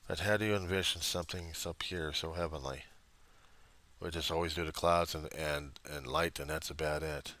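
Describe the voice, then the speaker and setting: A man with a very low voice and a forceful, pushing tone, talking straight to a reverend in his video diary. He rambles and runs himself down, drifting from near-murmured reflection into sudden raised bursts. The sound is dry and close, with no room around it. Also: steady tone, normal speed, no room sound. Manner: rambling, self-deprecating, swings from quiet musing to loud outbursts. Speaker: video diarist addressing a reverend. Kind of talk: personal video diary monologue.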